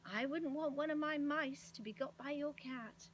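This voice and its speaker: Lady putting on a squeaky excitable old saucepan guy who mishears everything. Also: moderate pace, slight background noise, lightly acted. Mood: fussy. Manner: shrill, eager, mishearing words. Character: old deaf male saucepan pedlar, excitable.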